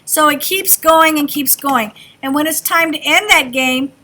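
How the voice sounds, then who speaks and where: A woman's voice: high voice, measured pace, bright, forceful tone. A woman teaching a kindergarten class, talking in an encouraging sing-song way to small children. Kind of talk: classroom instruction.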